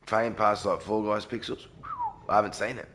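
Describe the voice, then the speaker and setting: A man live-streaming a game early in the morning from a garage, talking quietly and sleepily while reading out chat. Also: on the low side, flat delivery, normal speed, a little hiss or hum. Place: garage with echo.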